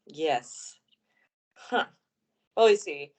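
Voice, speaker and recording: A woman's voice: low-pitched, lively intonation, very slow. A woman co-hosting a casual wrestling podcast, thinking aloud with hesitant fillers. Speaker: podcast co-host. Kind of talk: casual wrestling news chat.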